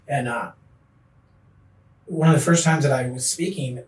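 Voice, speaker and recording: A middle-aged man, a podcast guest, telling his recovery story in an earnest, animated way. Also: mid-range voice, measured pace, recorded from a distance. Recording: echoey room, voice off-mic.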